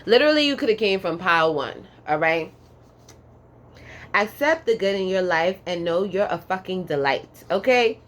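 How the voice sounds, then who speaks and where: A woman's voice: on the low side, expressive. Sassy, profane woman reading tarot. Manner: sassy, profane, emphatic, keeps adding "okay?"; drawls some words slowly for emphasis. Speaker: tarot card reader. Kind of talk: casual pick-a-card tarot reading.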